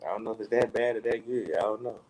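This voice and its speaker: A man's voice: on the low side, steady tone, quick pace, darkish tone, poor audio. A young man co-hosting a podcast, emphatic and profane in casual chat, a little tipsy from drinking. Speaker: podcast co-host.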